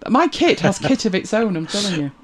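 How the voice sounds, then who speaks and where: Lively rambling British woman co-host. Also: medium pitch, brisk, over a noisy crowd. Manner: rambling, humming to herself while scrolling, chuckling. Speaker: live stream co-host. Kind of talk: casual live-stream chat, reading comments.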